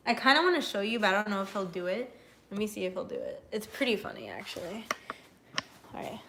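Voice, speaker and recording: A woman's voice: mid-range voice, very animated, quick pace, gravelly, a bit bright. A young woman streaming from home, chatting loosely with viewers, laughing often and swearing casually. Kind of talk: casual live-stream chat. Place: her home.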